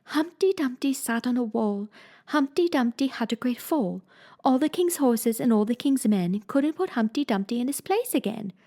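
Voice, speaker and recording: A woman's voice: lively intonation, normal speed, mellow. Alice, a polite little girl, as a woman reads her. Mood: earnest. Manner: earnest, polite, raised pitch. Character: polite curious girl of seven.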